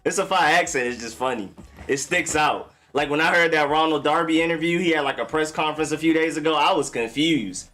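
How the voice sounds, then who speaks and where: Fairly high-pitched and fairly bright, this young football live-stream host talks fairly fast in a casual, slangy way, calling out viewers by name as he chats.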